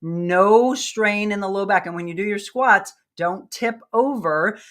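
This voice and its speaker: A woman's voice: medium pitch, a little slow, fairly bright tone. A middle-aged woman leading a live workout lesson, upbeat and coaching, out of breath as she demonstrates the moves. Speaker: fitness instructor.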